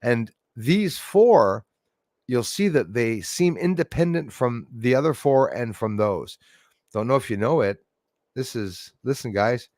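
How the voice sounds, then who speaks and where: Excitable Canadian man hosting a livestream. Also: mid-range voice, measured pace, dry recording, clean studio sound. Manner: animated, exclaiming, builds to near shouts. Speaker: livestream host.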